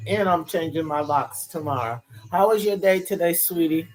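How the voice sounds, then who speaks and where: Guy on a phone stream from bed, cussing and venting but sweet to viewers, kinda high voice, faint music behind. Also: moderate pace, rough recording. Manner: profane, annoyed, sweet-talking viewers. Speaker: live streamer chatting with viewers. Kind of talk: casual rambling live stream. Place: in bed at home under a cover. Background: faint music from another room.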